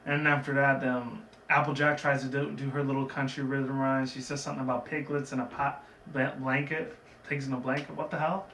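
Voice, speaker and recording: A man's voice: medium pitch, level tone, a little fast, a bit bright. A man casually recapping a cartoon episode in a chatty, digressive way, with lots of fillers. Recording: roomy, from a distant mic, faint background noise.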